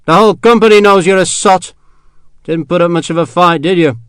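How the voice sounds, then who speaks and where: A man's voice: sits high, brisk, a bit bright, smooth, no echo, studio quality, voice pushed up. A man playing a tall, scornful English officer who barks curt orders and speaks with lordly contempt, in an audiobook reading. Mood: cold, contemptuous.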